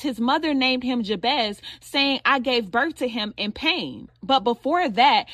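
High bright woman preaching earnestly. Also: dry recording. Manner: earnest, preaching with repetition and direct address. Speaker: podcast host and preacher. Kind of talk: devotional sermon.

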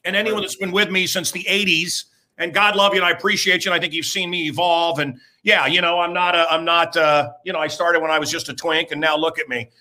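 Loud, sharp-voiced ranting male radio host. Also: on the high side, steady tone, fast. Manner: loud, emphatic, crude, bursts into shouting; rambling, repeats himself. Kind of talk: ranting talk-show monologue.

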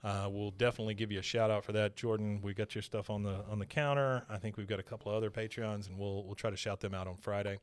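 A man's voice: on the low side, fast, hardly any pauses. Laid-back man recapping a cartoon. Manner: animated retelling, acts out lines in put-on voices. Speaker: podcast co-host. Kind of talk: casual chat recapping a cartoon episode.

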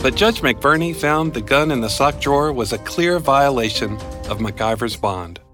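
Bright-voiced man narrating a true-crime podcast. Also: mid-range voice, animated, normal speed, soft background music. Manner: crisp, matter-of-fact storytelling. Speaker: podcast host and reporter. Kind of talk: scripted narration.

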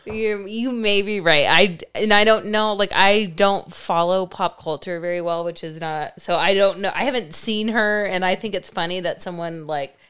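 A woman's voice: medium pitch, normal speed, hardly any pauses, fairly bright tone, smooth. A woman co-hosting a relationship podcast in an easygoing, hesitant way, chatting casually. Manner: easygoing, hesitant, laughs often. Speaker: podcast co-host. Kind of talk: casual chat.

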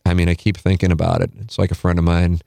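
A man's voice: low voice, monotone, fast talker, creaky, warm tone, no echo. A middle-aged man hosting a podcast in casual chat, tired and yawning, rambling and swearing freely. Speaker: podcast host.

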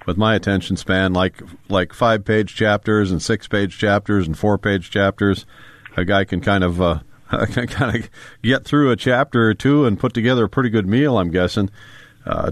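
A man's voice: fairly low pitch, moderate pace, no room sound. A man hosting a casual interview, asking rambling questions. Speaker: host.

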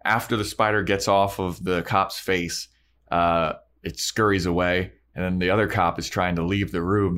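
Podcast co-host, male, low voice, chatty plot recapper who acts out bits. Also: little pitch movement, a bit bright. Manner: storytelling, acting out lines in quick snippets. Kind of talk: casual chat recapping an episode.

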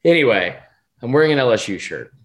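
A man's voice: mid-range voice, very animated, fast. A man co-hosting a podcast, rambling through a story in casual chat and swearing freely. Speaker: podcast co-host.

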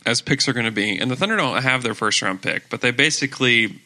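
A man's voice: medium pitch, lively intonation, quick pace, pushed and bright. A man hosting a podcast in casual sports chat, rambling and laughing often. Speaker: podcast host.

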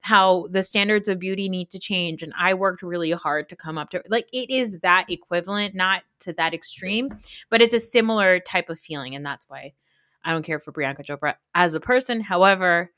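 A woman's voice: fairly low pitch, normal speed, sharp tone, no room sound, clean studio sound. A woman in her thirties co-hosting a casual pop-culture gossip podcast, talking frankly and rambling, swearing freely. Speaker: podcast co-host.

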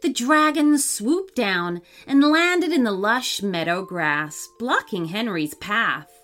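A woman reading a children's story aloud as scripted narration, in an expressive storytelling manner. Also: fairly high pitch, takes it slowly. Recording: faint music under the voice.

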